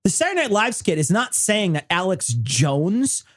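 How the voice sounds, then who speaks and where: A man's voice: high voice, sing-song, moderate pace, a bit bright. A man co-hosting a podcast, mocking and swearing in casual comedic chat. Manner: profane, mocking. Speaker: podcast co-host.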